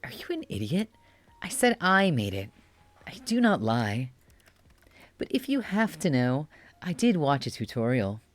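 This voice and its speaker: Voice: mid-range voice, very animated, measured pace, long pauses, no echo. A streamer voicing a bratty, arrogant young male Death in a raised, cute voice, reading game dialogue aloud. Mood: snippy. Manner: haughty, snippy, boastful.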